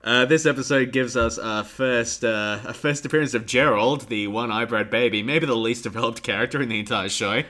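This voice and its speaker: He's a podcast co-host talking casually, full of energy and ready to laugh, with a voice of medium pitch.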